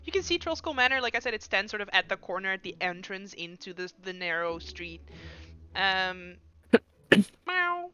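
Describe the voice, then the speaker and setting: A woman's voice: mid-range voice, fairly quick, sharp tone, lo-fi sound. A young woman narrating as game master of a tabletop role-playing game, casual and playful, with many fillers.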